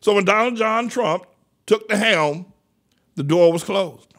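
Older man preaching, fiery sermon, gravelly voice, high-pitched, shouts and repeats lines. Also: measured pace. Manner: shouting, mocking, repeating phrases with sudden laughs. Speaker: pastor. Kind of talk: fiery street-style sermon.

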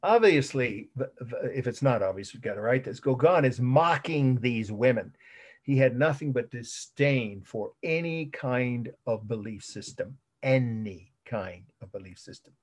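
With a mid-range, slightly rough voice of darkish tone and lively intonation, a middle-aged man lectures unhurriedly on art history in class. The talk is conversational, with frequent repeated words and chuckles at his own asides.

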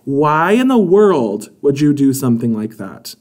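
A man reading a storybook aloud, voicing an anxious mother who scolds her daughter in a shrill, exasperated tone. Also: big pitch swings, a little slow, a little mellow. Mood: upset.

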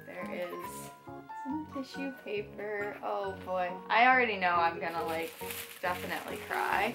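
A young woman vlogger chatting casually through an unboxing, gushing with excited squeals and gasps. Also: medium pitch, measured pace, over music.

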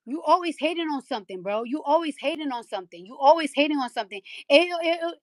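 Heated and profane, a woman rants on a live audio chat she hosts as a rapper, speaking into a phone mic and repeating lines to drive them home. She talks fast in a high, animated voice. The audio has no echo.

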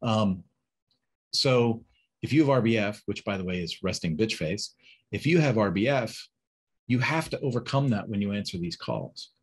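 A man's voice: on the low side, animated, normal speed, breathy edge. A man teaching a webinar, coaching staff directly, asking rhetorical questions and acting out sample phone calls. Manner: acts out phone calls in quoted voices. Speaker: sales and service trainer. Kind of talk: webinar instruction.

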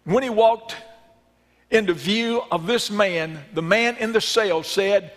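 A male pastor preaching a sermon and leading a closing prayer in a church, earnest in his storytelling and hushed in prayer. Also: high-pitched, slow. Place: church sanctuary. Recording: long reverb in a church sanctuary.

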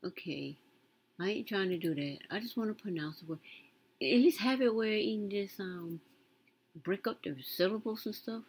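A woman's voice: medium pitch, normal speed, slightly rough, low-quality recording. A woman, casually commenting on a news story as she browses, muttering to herself and reading aloud with emphasis. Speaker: content creator reading news.

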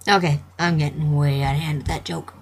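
A woman's voice: low voice, steady tone, a little fast, noisy background. A young woman playfully commentating a computer game, joking and reading the dialogue aloud. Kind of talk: gameplay commentary.

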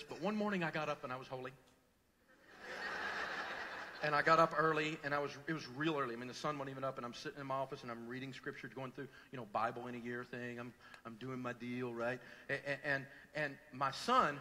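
A middle-aged man preaching a sermon, telling a personal story with swings from loud to hushed. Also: mid-range voice, long reverb tail. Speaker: pastor. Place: large church hall.

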